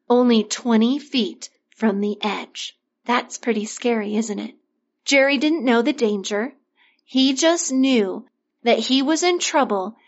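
A woman telling a Bible lesson story to children, gently expressive, asking her listeners questions as she goes. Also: on the high side. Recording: dull lo-fi recording.

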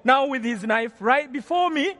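An extremely high-pitched man from Rwanda preaches an earnest storytelling testimony at normal speed, his intonation lively and tone fairly bright. He often repeats and restarts phrases, and a long hall reverb surrounds him.

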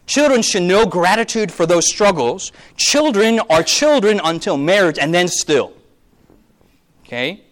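A man in his thirties preaches a lecture-style sermon with a fairly high voice. He works the room, asking questions and acting out voices as he talks. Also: measured pace. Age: 30s. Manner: animated, acts out quoted voices, asks the audience questions. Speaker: pastor.

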